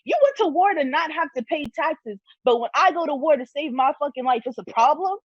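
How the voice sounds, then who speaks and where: A woman's voice: high-pitched, lively intonation, brisk, dry recording, muffled recording. A young woman in a heated casual discussion, ranting fiercely with lots of swearing. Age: young adult. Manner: fiery, profane, ranting.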